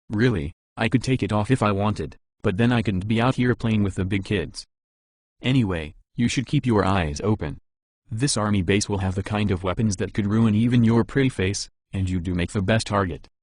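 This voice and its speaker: A man's voice: fairly low pitch, moderate pace, darkish tone, no echo, clean studio sound, close to an everyday voice. A man voicing a sardonic armored male marshal in an audiobook, speaking in a wry, understated way.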